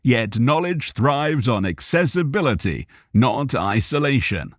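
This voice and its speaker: Male scholar barbarian, grandiloquent, verbose, patient, lively pitch, man voicing. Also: measured pace, no room sound, studio quality. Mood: grand. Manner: grandiloquent, long words, patient.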